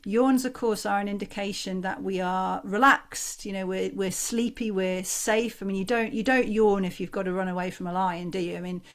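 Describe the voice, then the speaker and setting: A woman, a voice coach calmly and encouragingly leading a group through relaxation exercises on a video call. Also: mid-range voice, moderate pace, few pauses. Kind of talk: online workshop instruction.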